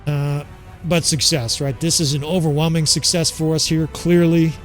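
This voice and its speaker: Man, gameplay commentary, casual, candid, swears often, slightly high voice, faint music behind. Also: fairly even intonation, moderate pace. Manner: candid, swearing, addresses viewers as fellas. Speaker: gaming channel host.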